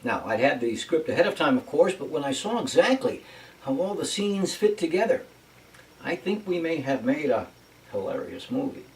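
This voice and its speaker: A man's voice: on the high side, big pitch swings, moderate pace. A man hosting a personal video update as an actor, chatty with wry asides. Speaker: vlog host and actor. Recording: voice from a distance off mic.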